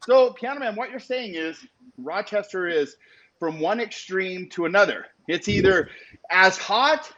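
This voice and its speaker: Whooping high-voiced man on a live stream. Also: a little slow. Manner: excitable, whooping shout-outs to viewers. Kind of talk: casual live-stream chat. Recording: muffled live stream with background noise.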